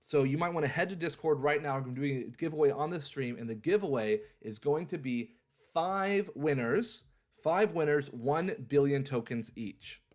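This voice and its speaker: A man's voice: on the high side, normal speed. Upbeat man hosting a livestream. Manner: repeats phrases, upbeat auctioneer-style delivery. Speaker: livestream host. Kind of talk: casual livestream chat.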